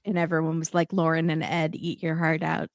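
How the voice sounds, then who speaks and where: A woman guest in a casual chat, quick to agree and making wry remarks. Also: deep voice, monotone, dry recording, clean studio sound. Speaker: podcast guest.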